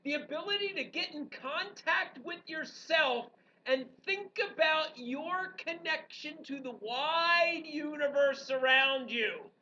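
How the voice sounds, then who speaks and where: A woman history teacher giving an animated, joking classroom lecture full of rhetorical questions to her students. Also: sits high, slow, few pauses. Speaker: high school history teacher. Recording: dull, distant classroom recording with faint background noise.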